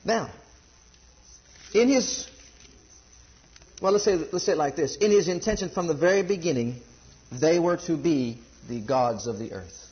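A man's voice: fairly high pitch, expressive, measured pace, pauses often, dull audio. A man preaching a sermon to a congregation, building emphasis and asking rhetorical questions.

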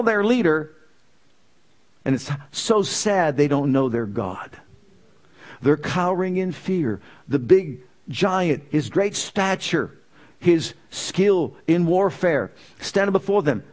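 Emphatic preacher man, fairly high voice. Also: expressive, slow, a little mellow. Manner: emphatic, repeating phrases with rising intensity. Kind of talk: sermon.

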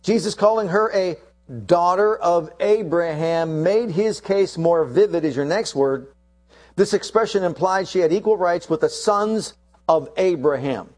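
A man preaching a sermon, acting out the quoted lines of the story. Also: unhurried. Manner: animated, acts out quotes with shifting pitch.

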